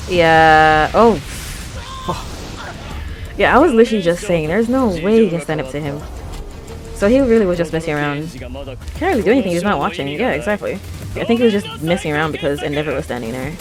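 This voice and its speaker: Excitable young woman reacting with lively swings. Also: medium pitch, normal speed, long pauses, over music. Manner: excitable, filler-heavy, gasping and exclaiming. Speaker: anime reaction host. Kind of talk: casual reaction commentary. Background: anime episode soundtrack playing.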